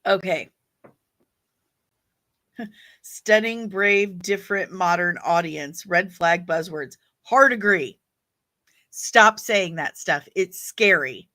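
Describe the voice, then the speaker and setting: A woman with a fairly low, bright voice speaks slowly and forcefully, pausing often. She's hosting a casual livestream, reading the chat and reacting to viewer comments in a chatty, opinionated way.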